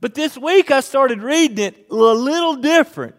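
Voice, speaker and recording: A man's voice: very high voice, very animated, fairly quick, few pauses, big-room sound. A man preaching a sermon as pastor, building to pleading emphasis as he reads the text.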